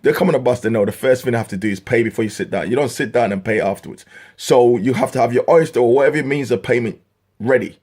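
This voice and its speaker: A man's voice: mid-range voice, fast, a little mellow, slightly rough. A young man from England ranting to camera in an exasperated, swearing comic style, his voice jumping up when worked up. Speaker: vlogger.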